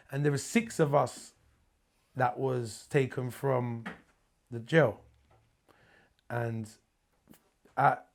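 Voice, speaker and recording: A man's voice: mid-range voice, vocal fry. A man from London with a London accent, a guest telling prison stories in a casual interview, swearing freely and acting out the dialogue. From Hackney, London.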